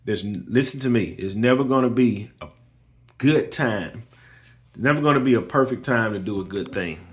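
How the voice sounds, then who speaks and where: Talking earnestly to the camera about his own lawn care business, a man with kids speaks emphatically at normal speed in a medium-pitched voice. He repeats himself for emphasis, keeps urging the listener to listen, and tells a story with quoted dialogue as part of a motivational personal talk.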